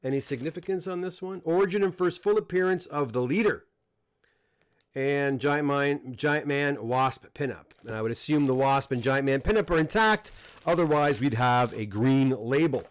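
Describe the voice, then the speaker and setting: A middle-aged man with a Canadian accent hosts a casual live unboxing, talking in an easygoing, meandering way full of restarts and fillers. His voice sits at an ordinary middle pitch. It is recorded close on a desk microphone in a dry room. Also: normal speed, no room sound. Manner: relaxed, rambling, frequent restarts and fillers. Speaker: comic book dealer and host. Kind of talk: casual livestream unboxing chat.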